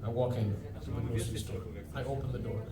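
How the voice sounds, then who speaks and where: A man's voice: mid-range voice, fairly even intonation, fast. A man from India performing a stand-up set, telling self-mocking stories to a live crowd. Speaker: stand-up comedian. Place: comedy show venue. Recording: echoey room, far mic, crowd audible.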